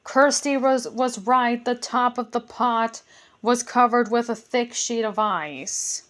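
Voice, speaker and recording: A woman reading a children's chapter book aloud as a gentle bedtime story. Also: fairly high pitch, takes it slowly.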